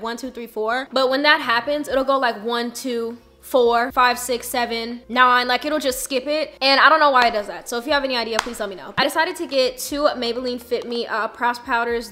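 Bright, chatty young woman vlogger. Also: fairly high pitch. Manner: chatty, animated, slangy. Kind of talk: casual vlog chat to camera.

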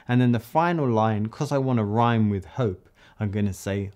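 A man from the UK teaching a songwriting tutorial, explaining step by step and reading lines slowly in rhythm. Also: mid-range voice, a little mellow. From United Kingdom. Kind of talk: friendly tutorial.

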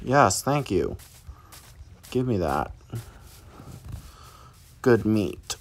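A man's voice: on the low side, sing-song, extremely slow, slight background noise. A man giving live commentary as he plays a survival game, chatting to viewers and reacting aloud as things happen. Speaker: let's play gamer.

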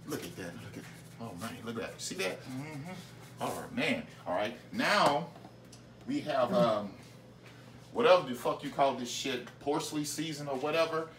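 Man, cooking show host, profane and rowdy, swooping pitch, echoey kitchen, mic off at a distance. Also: moderate pace, a little hiss or hum. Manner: loud, cursing, excitable, laughing. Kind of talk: profane comedic cooking demo. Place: home kitchen. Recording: echoey room miked from a distance.

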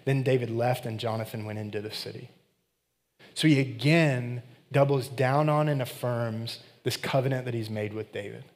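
A man's voice: mid-range voice, moderate pace. A man preaching a sermon as a pastor. He reads scripture and retells it in a casual, conversational way with slangy asides.

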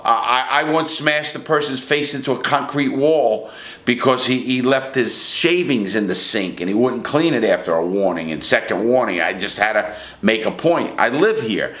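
A man's voice: mid-range voice, fairly bright tone. A middle-aged man bluntly recounting his time in prison in a casual, profane, rambling way, full of restarts. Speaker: ex-prisoner storyteller. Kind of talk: casual first-person storytelling. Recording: echoey room.

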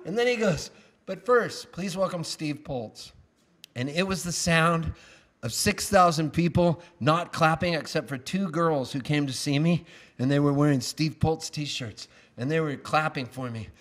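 High-voiced man singing and telling stories. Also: moderate pace, a bit bright. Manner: wry, self-mocking storyteller. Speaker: singer-songwriter. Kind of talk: live song and comic storytelling. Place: live performance with guitar.

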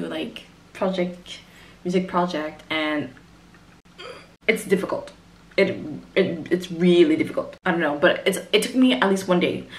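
Chatty woman. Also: fairly low pitch. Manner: rambling, chatty, self-interrupting. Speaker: music arranger vlogger. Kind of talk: casual chat to camera. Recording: roomy echo.

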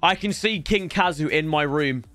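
A young man streaming for hours on a headset mic, tired, swearing and bantering with sudden shouts. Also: a little high, moderate pace, faint music behind. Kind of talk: casual live-stream chat.

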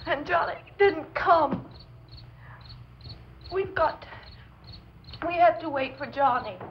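An actress playing a young woman in shock over her lost brother, recalling the attack in a halting way and breaking into sobbing pleas, in 1960s horror film acting. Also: sits high. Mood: hysterical. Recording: dull, hissy old film soundtrack.

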